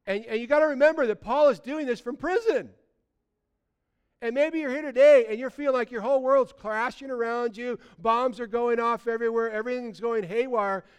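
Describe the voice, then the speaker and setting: A man, preaching a sermon, animated, swinging between loud bursts and quiet asides. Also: very high voice, a little fast, clear, resonant tone, highs cut off. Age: 60s. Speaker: pastor.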